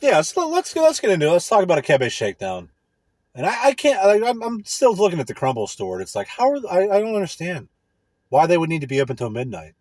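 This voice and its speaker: A man's voice: high-pitched, wildly swooping pitch, fast, darkish tone, husky, dry recording. A man hosting a music show, chatting casually in a crude, profane, rambling way with lots of restarts. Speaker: radio music show host.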